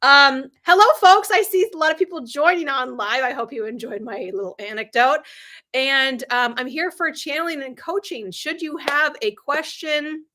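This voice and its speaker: Female live-stream coach, middle-aged; high bright voice; chatty, sarcastic storyteller who acts out quotes. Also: normal speed. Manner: animated storyteller, acts out quoted dialogue with big pitch jumps; frequent ums and laughs, candid and sarcastic. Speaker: business coach hosting a livestream. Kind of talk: live-stream talk with anecdotes.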